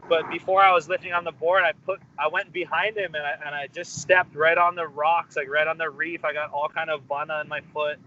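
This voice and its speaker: Bright-voiced young man, casual. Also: on the high side, fast, few pauses, a little hiss or hum. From Hawaii. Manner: relaxed, rambling, many fillers and restarts. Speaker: musician guest. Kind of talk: casual interview storytelling. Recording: dull lo-fi interview audio.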